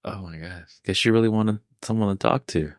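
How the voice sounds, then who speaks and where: Co-host, male, deep voice, brief replies, close dry mic. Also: brisk, dry recording. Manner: mostly short listening replies. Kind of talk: casual chat.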